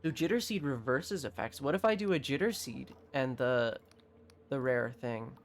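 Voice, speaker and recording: A streamer giving casual, excitable commentary while playing a video game, often exclaiming and laughing. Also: mid-range voice, normal speed.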